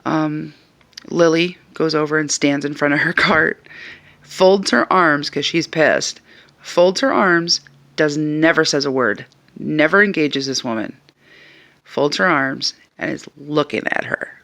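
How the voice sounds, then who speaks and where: A man recounts an incident in a casual, animated way, sounding exasperated. His voice sits a little high with a gravelly, creaky edge. It also has a bright, forceful tone. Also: unhurried. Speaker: vlogger. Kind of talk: casual storytelling.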